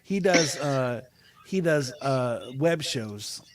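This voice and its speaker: A man hosting a podcast over a video call, chatting casually and rambling with many pauses and fillers. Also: medium pitch, expressive. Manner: rambling, hesitant, lots of uh and um. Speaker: podcast host. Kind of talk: casual chat.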